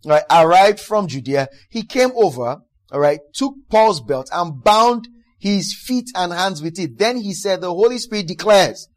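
A man's voice: high-pitched, animated, measured pace. A male preacher delivering a fervent sermon, repeating his appeals and reading aloud from scripture. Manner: fervent, repetitive, prays in tongues.

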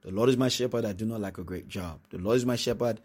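A man preaching a sermon, reading scripture slowly and breaking into quick acted-out asides. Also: lowish voice, a little mellow, husky. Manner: reads scripture slowly, then talks fast with many asides.

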